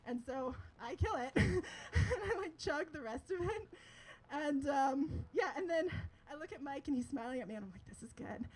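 A woman's voice: high voice, expressive, normal speed, darkish tone, low-quality recording. A young woman telling a personal story to an audience, chatty and laughing often, with lots of filler words.

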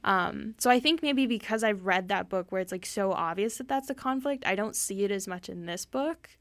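A woman's voice: mid-range voice, moderate pace, a bit bright, no room sound. A young woman hosting a casual book discussion, chatting with lots of filler words. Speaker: podcast host.

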